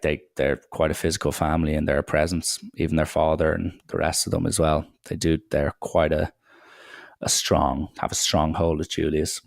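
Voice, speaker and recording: A young man talks through a solo podcast episode in a low, gravelly voice. His delivery rambles and stays irreverent, and he swears freely. The sound is dry and close, with little room around it. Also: no room sound. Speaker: podcast host.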